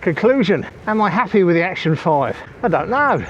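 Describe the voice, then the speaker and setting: This vlogger's voice is high with big pitch swings, and he talks casually at a moderate pace while cycling outdoors, a little breathless. His small wireless clip-on mic cuts off the highs and catches faint outdoor noise.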